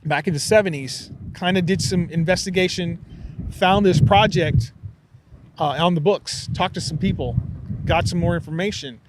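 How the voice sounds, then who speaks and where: A man with a fairly high voice chats on a podcast and spins a wild story with animated energy. He talks quickly in bursts and drops low for effect. A faint hiss sits under the recording. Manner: animated storyteller, excitable, swears casually. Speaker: podcast host. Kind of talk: casual chat.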